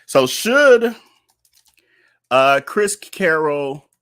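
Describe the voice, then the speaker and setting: Chatty man with a bright voice. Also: on the high side, sing-song, drawn-out words, clear, resonant tone. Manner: chatty, with fillers and laughs. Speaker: host. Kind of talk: casual live-stream commentary.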